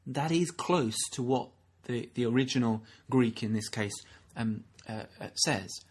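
Husky-voiced man preaching a sermon. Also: mid-range voice, unhurried, darkish tone. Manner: earnest, acts out quoted speakers, frequent restarts.

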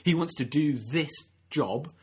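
A somewhat slow man with a high-leaning, breathy voice preaches earnestly and conversationally. He acts out quoted people and often begins his sentences again.

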